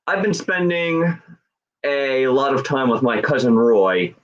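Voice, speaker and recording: A man doing a stand-up comedy set, deadpan and hesitant, with many fillers. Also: medium pitch, slow pace. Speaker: stand-up comic. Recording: dull lo-fi sound.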